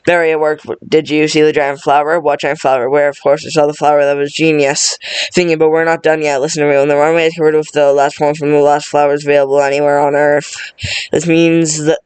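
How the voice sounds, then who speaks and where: A man racing through a full movie script read-through in a monotone, tripping over words and restarting lines. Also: a little high, brisk, smooth, dry recording.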